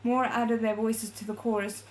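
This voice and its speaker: Woman reading a novel aloud, fairly high voice, soft measured narration, emotional asides. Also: level tone. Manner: emotionally invested, breaks off to react. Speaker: readalong host.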